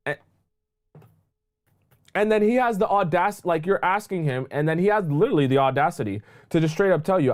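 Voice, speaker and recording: A man hosting a live dating advice call-in show, ranting loudly and crudely mocking a caller's ex with drawn-out emphatic lines. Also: sits high, expressive. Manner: loud, mocking, crude rants. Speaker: dating coach host.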